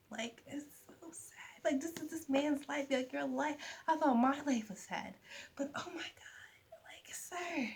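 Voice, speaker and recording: A young woman chatting casually to camera about books, animated, with soft asides. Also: a little high, gravelly. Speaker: vlogger. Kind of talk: casual book chat to camera.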